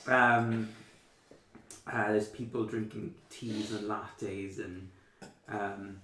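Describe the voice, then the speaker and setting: A man's voice: lowish voice, steady tone, extremely slow, pushed and bright, slight background noise. A young man narrating a tabletop game as dungeon master, describing scenes in a rambling, filler-heavy way. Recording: roomy echo.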